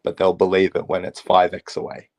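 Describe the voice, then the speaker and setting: A hoarse man, telling laid-back stories in casual chat as a guest. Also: deep voice, completely flat delivery, brisk, a little mellow. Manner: laid-back storyteller, quotes friends. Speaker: guest speaker.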